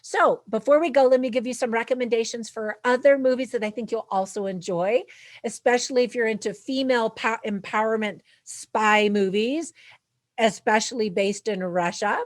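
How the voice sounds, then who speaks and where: A woman's voice: mid-range voice, no echo. A woman hosting her own channel, giving a chatty, upbeat movie review with tips for parents. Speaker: film reviewer and channel host. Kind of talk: casual movie review to camera.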